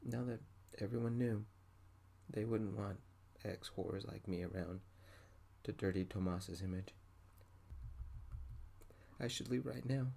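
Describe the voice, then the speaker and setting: A man narrating an audiobook in a soft-spoken ASMR style, with a gentle, intimate, emotional first-person delivery. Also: medium pitch, gravelly, slightly rough.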